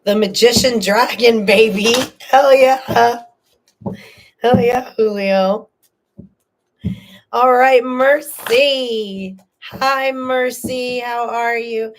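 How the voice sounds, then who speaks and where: A woman with a fairly high-pitched voice hosts a live tarot reading, with slight background noise in the audio. She speaks to a viewer earnestly and with feeling, keeping her tone soothing and reassuring.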